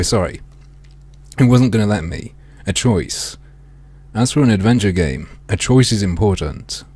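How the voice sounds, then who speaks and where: A man's husky, slightly low voice swings widely in pitch as he drawls through game text and mocks it with swearing asides. His throat is strained, and he keeps clearing it. Faint game music plays underneath. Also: a little mellow. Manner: sardonic, swearing, mock-dramatic reading. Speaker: gaming streamer. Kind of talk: let's play commentary reading game text aloud.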